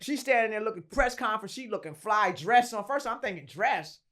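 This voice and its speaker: A woman from Philadelphia, a guest on an interview show, telling her story in a lively, slangy, profane way and acting out the quotes. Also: a little high, quick pace.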